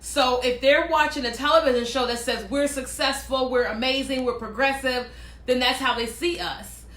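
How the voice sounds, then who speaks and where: A woman chatting casually and telling personal stories, animated and quick to act out what other people said. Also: sits high, reverberant. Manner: animated, acts out quoted voices, laughs often. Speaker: speaker sharing personal stories. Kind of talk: casual storytelling monologue.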